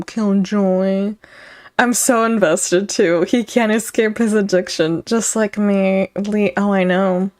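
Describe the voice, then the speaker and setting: Slow, giggly woman streamer. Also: medium pitch, fairly even intonation, a little mellow. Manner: playful, giggly, thanks chat viewers by name. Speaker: streamer reacting to a video. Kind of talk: casual live-stream commentary.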